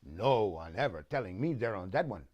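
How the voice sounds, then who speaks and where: A man's voice: fairly low pitch, lively intonation, a little mellow. A man doing an evasive old Quebec politician. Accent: Quebec French. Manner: broken, halting English, repetitive. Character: older male Quebec politician, evasive, blames others.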